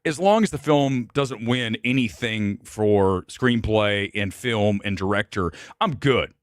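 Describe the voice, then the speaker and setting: A man hosting a live movie talk show, giving blunt and opinionated takes on awards picks, jumping between loud outbursts and low muttered asides. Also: a little slow, dry recording, clean studio sound. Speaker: film talk show host. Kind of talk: live movie review chat.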